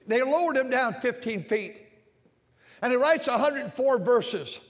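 A man preaching an impassioned sermon, swinging between shouts and quiet lines. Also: very high-pitched, expressive, a little slow. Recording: long hall reverb.

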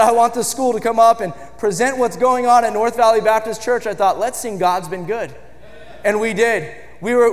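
Male preacher, high voice, sermon in a church with a long ringing reverb. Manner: builds from low, measured speech to shouted emphasis. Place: church sanctuary.

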